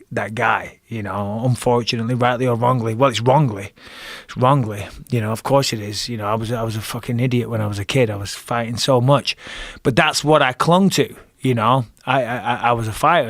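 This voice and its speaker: A middle-aged man telling a fight story in a casual podcast chat, animated and profane, with frequent restarts. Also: medium pitch, dry recording, studio quality. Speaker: guest, retired fighter and commentator.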